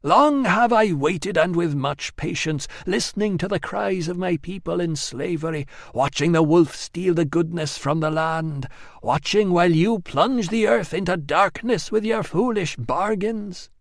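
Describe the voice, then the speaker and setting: A man reading an audiobook, voicing a fierce, radiant goddess who speaks in slow, solemn proclamations. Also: high-pitched, creaky, no echo, clean studio sound, pitched above the performer's own voice. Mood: commanding.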